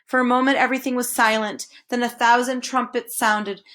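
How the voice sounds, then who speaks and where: A woman reading a children's novel aloud, expressive and slowing down on dramatic phrases. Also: a little high. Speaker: storybook reader.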